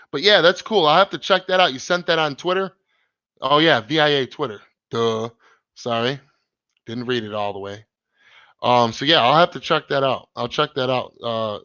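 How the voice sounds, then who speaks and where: A man hosting a live stream, chatting casually in an excited, rambling, slangy way with many restarts. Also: fairly high pitch, dry recording, lo-fi sound.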